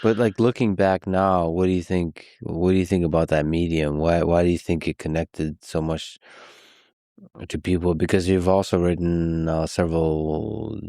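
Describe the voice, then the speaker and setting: Deep, flat-voiced male podcast host. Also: no room sound, clean studio sound. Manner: measured, admiring questions with restarts. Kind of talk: long-form interview.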